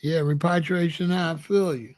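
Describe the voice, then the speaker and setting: A man hosting his own livestream, hitting back at the chat in a combative, profane rant. His voice sits fairly high for a man. He mocks viewers by mimicking them. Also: fairly even intonation, moderate pace, a little mellow. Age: adult. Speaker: livestream host.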